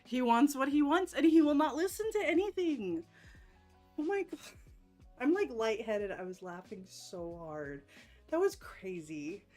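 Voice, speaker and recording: A woman's voice: high voice, big pitch swings, a little slow, a little mellow, faint music behind. A woman hosting a casual live stream, chatting to her viewers and laughing often. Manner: giggly, breaks into laughter often; chatty, talks straight to viewers. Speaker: live-stream host painting nails.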